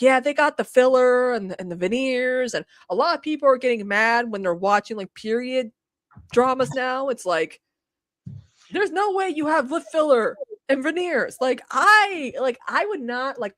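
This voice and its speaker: A woman in her thirties with a fairly high, very lively voice, rambling through stories on a podcast. She piles on asides and fillers, and her voice sounds close and dry. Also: no room sound. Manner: animated, rambling, quick asides, swearing. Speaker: podcast co-host. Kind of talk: casual chat.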